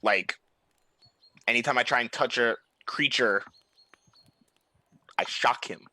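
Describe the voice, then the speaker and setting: A man's voice: medium pitch, slow, bright, forceful tone, dry recording. A man playing in a tabletop game, talking in a casual, rambling way. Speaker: player.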